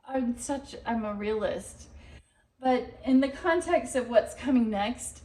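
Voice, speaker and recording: A woman gives a tarot reading in a loose, rambling way, swearing now and then. She talks slowly in a slightly high voice. She sits some way from the mic in an echoey room. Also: recorded from a distance. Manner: rambling, animated, swears and laughs. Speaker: tarot reader.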